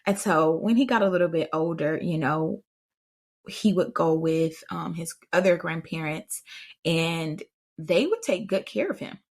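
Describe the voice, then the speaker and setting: On her parenting podcast, a woman with a low voice and lively intonation takes an unhurried pace. She shares stories in a chatty manner and addresses listeners directly, offering casual advice.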